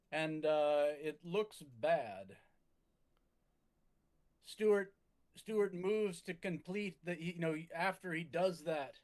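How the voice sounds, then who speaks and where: A man narrating a tabletop game as its game master, measured and halting, with frequent restarts. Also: on the high side.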